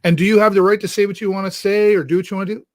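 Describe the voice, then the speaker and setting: A male talk show host speaking earnestly and haltingly to his viewers, often restarting his sentences, from inside a church. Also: sits high, little pitch movement, no room sound, clean studio sound. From Canada. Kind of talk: heartfelt monologue to viewers.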